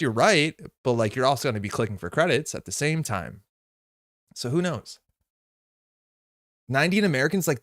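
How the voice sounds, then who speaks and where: A man's voice: medium pitch, a bit bright, no echo, studio quality. A young man chatting casually on a live stream, reading and answering viewers' messages with frequent laughter. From Montreal.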